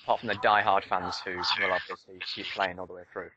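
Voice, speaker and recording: A man's voice: low voice, flat delivery, fast talker, highs cut off, background noise. A man chatting casually on a podcast, laid-back and a little hesitant. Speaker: forum moderator, podcast guest. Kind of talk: casual chat.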